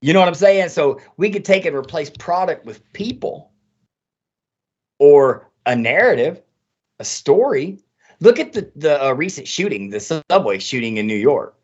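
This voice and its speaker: A man's voice: fairly high pitch, expressive, normal speed, a little mellow. A man hosting a podcast in casual conversation, talking emphatically with a lot of profanity. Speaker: podcast host. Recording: dull lo-fi audio.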